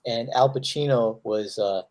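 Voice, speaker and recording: Here the host, a man who draws comics, wanders through loose stories among friends, performing each quoted line. He talks a little slowly, in a medium-pitched voice with a darkish color.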